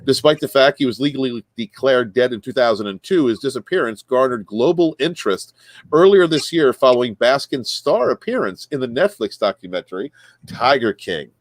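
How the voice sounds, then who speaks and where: A man's voice: medium pitch, lively intonation, a little fast, no room sound. A man hosts a chatty podcast, reading news stories aloud to his guests. His voice swings up and down with plenty of life. He trips over words and corrects himself, and the room is dry and close. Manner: reads stories aloud, stumbling and correcting himself, laughing often.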